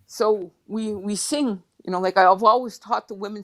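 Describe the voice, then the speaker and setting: A woman guest speaking slowly and softly over a video call, emotional and near tears as she reflects between pauses. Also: mid-range voice, steady tone. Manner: slow, soft and reflective, with pauses. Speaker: guest drum singer. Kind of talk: heartfelt testimony on an online panel.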